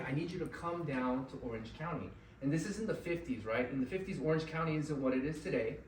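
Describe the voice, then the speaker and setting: A man telling a story live to an audience at an event, animated and often checking in with "right?". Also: mid-range voice, slight background noise. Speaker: motivational speaker at an event. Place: event venue. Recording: echoey room, mic at a distance, faint ambience.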